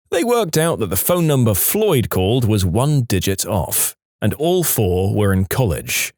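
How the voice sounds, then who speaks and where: A man's voice: medium pitch, no room sound, clean studio sound. A man narrating reddit stories aloud as the show's reader, shifting voices for the people in them. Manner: lively storyteller, playing the callers in quick shifts. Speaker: story narrator.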